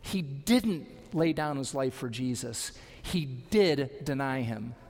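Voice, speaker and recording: A man's voice: medium pitch, animated, slow pace, darkish tone. A man pastor giving an earnest sermon, pressing his point with rhetorical questions. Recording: long hall reverb.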